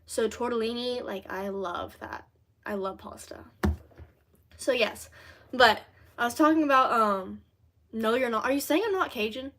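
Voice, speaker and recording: A teenage girl from Louisiana hosts a casual livestream, reading comments and rambling cheerfully with plenty of fillers. Her voice sits a little high for a woman. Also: measured pace, pauses often, fairly bright tone, slight background noise. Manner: chatty, rambling, bubbly with many fillers. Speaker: livestream host.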